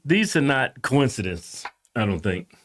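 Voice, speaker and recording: A man's voice: medium pitch, big pitch swings, measured pace, a bit bright. A man co-hosting a casual podcast chat, making blunt, emphatic statements. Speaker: podcast co-host.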